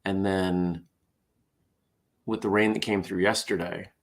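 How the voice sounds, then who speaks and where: A man with a low, gravelly voice talks casually and sounds tired. He reads jokes aloud with a wry, self-deprecating manner. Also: steady tone, takes it slowly. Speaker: host. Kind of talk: casual morning chat, reading jokes.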